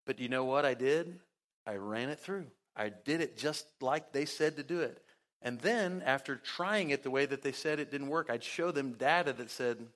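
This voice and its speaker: A man preaching a sermon as pastor, talking conversationally with sarcasm, his pitch and loudness jumping as he acts out quotes. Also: lively intonation, moderate pace. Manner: big swings in pitch and loudness.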